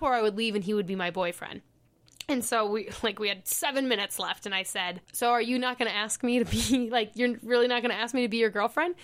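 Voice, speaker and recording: A young woman from Minnesota hosts a podcast and tells a personal story in a casual, chatty way. Her voice is a little high and fairly bright, she says "like" a lot, and she acts out the lines she quotes.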